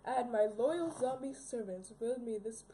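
Girl doing a smug chicken king bad guy, slow gloaty taunts, kinda high voice. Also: expressive, mellow, natural voice, low-quality recording. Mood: gloating. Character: scheming male chicken king villain, pompous.

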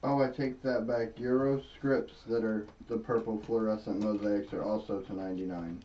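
Guy in the background adding card checklist info, low voice, muffled recording w/ a little hiss. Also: level tone, moderate pace. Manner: chimes in with short checklist facts. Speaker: co-host in the background. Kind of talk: casual chat.

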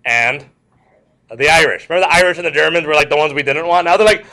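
Male history teacher, classroom lecture, high voice, lively swooping delivery, repeats points, jokey asides. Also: fast. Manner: repetitive, animated, joking asides to students.

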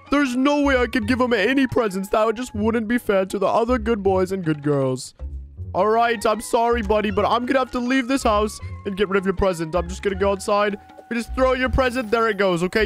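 A man voicing a jolly but stern older Santa Claus in a game video, with a booming ho-ho-ho laugh and a scolding tone.

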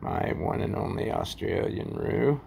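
A man casually rambling through a show-and-tell vlog about his collection, halting often with fillers and folksy sign-offs. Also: fairly low pitch, animated, gravelly, a little mellow, a little hiss or hum. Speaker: coin collecting vlogger.

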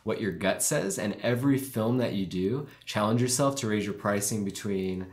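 Low-voiced man giving casual film critique. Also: moderate pace. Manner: relaxed, many fillers, thinks aloud. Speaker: wedding filmmaker co-host reviewing films. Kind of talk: casual live-stream critique.

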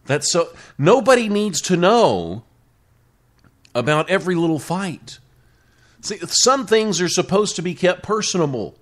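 A male radio talk show host speaking in a casual solo monologue, rambling and often restarting his sentences. His pitch moves around a lot, rising and falling as he talks. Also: very animated, unhurried. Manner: rambling, self-correcting, with frequent restarts.

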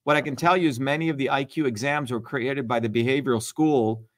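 A man's voice: medium pitch, steady tone, a little fast. Blunt, profane man host. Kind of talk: heated livestream talk.

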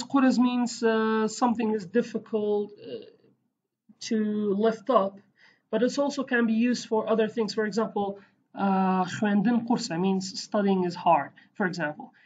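A woman's voice: a little high, a little mellow, husky, muffled recording. A woman teaching a casual online language lesson, chatty and digressive, with many fillers and self-corrections.

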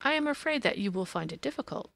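A woman reading the part of a sharp-witted male detective who teases his rival in a dry, drawling way, in an audiobook. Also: mid-range voice, very animated, fast, creaky, no room sound, exaggerated voice. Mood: ironic. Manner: ironic, drawling.

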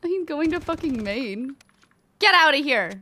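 A woman streams a shooter game with excitable, cursing commentary. Her voice sits high and swings widely, with a bright edge. Faint noise sits under the recording. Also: a little slow. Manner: excitable, cursing, laughing often. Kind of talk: live gameplay commentary.

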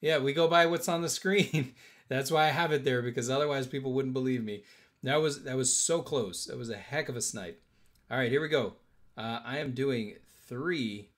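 A man's voice: medium pitch, normal speed. A man hosting a live-stream auction, joking with bidders and counting down bids. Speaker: auction host.

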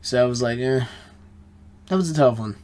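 A man's voice: medium pitch, moderate pace, darkish tone. An American man hosting a reaction channel, reviewing an episode in a rambling, self-questioning way. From United States. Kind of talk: casual solo review chat.

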